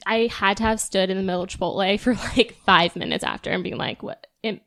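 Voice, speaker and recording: A young adult woman co-hosting a podcast, retelling a story with lively detail and plenty of fillers. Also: medium pitch, quick pace, no echo, studio quality. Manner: animated retelling with lots of fillers. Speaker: podcast co-host. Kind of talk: casual podcast chat.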